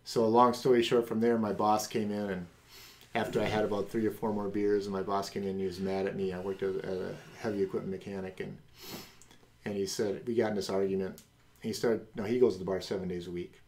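A middle-aged man hosting a podcast, telling a personal faith testimony and acting out the voices of people in it. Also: fast talker. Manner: animated, acts out quoted voices with big pitch jumps. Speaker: podcast host.

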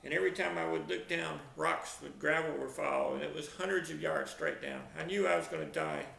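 A man's voice: a little high, steady tone, fairly quick, gravelly, a bit bright. A middle-aged man telling a comic travel mishap, dramatic and exaggerated, acting out sound effects. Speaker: storyteller, video narrator. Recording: roomy echo.

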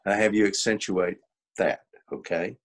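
An older man, a coach and workshop leader, teaches a webinar over a video call, explaining things in a folksy manner and acting out examples. His voice is low with fairly even intonation, at a normal speed.

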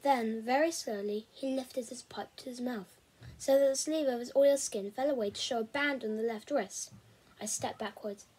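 A woman reading a novel aloud chapter by chapter, in a steady, measured storybook way. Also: on the high side, slightly rough, low-quality recording. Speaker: reader.

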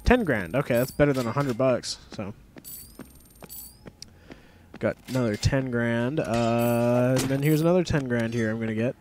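A man's voice: medium pitch, normal speed, pauses often, darkish tone, a little hiss or hum. Young man rambling over gameplay. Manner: rambling, swears casually, easily annoyed. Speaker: gameplay commentator. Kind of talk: casual let's-play commentary.

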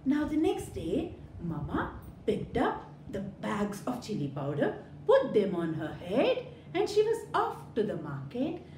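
Woman storyteller for kids, animated and questioning, unhurried with big pitch swings. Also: slight background noise. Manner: animated, sing-song, asks children questions. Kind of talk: children's storytelling. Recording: roomy echo.

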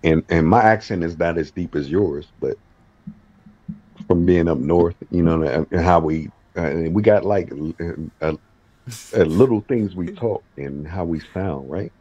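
Deep husky man, emphatic slang. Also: measured pace, warm tone, no room sound, dull audio. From Philadelphia. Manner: emphatic, street slang, repeats words. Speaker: panel guest. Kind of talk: casual panel chat.

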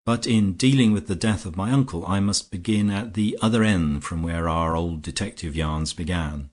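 A man reading a grave, composed gentleman detective. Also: low-pitched. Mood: calm, grave. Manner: measured, composed, explanatory.

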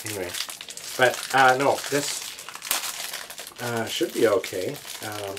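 A man's voice: medium pitch, slow, pauses often, noisy background. A young man vlogging a taste test, talking in a rambling, chatty way with many asides. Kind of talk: casual chat to camera.

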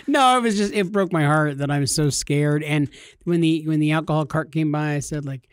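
A man in his thirties, a podcast co-host, telling a funny story casually and jumping into high, shouty voices when he quotes people. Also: brisk, dry recording, clean studio sound.

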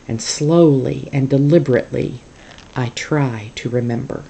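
A teacher reading a novel aloud to a class in a calm, steady storytelling manner. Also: medium pitch, moderate pace, vocal fry.

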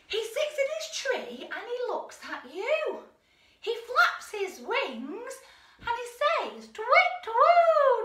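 Very high bouncy woman from england cheering on toddlers, echoey room, mic far off. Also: pushed and bright. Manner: upbeat and encouraging, praising children by name. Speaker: children's activity class leader. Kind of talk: leading toddler action songs. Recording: echoey room, voice from afar, faint music.

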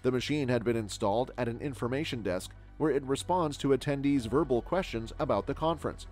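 A man reading scripted tech news narration in an even, steady way. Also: mid-range voice, a little fast, soft background music.

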